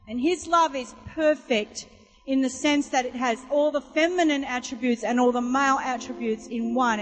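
A woman preacher with a high voice, telling homely stories and calling out questions to her listeners. Her voice rings with a long hall reverb. Music plays clearly underneath. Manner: chatty storytelling, asks the audience questions. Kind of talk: sermon.

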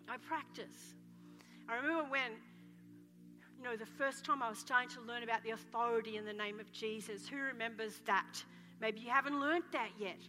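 A woman pastor preaching a passionate sermon, telling dramatic stories and breaking into shouts of praise in a church. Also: high voice. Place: church hall. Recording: reverberant hall with soft music.

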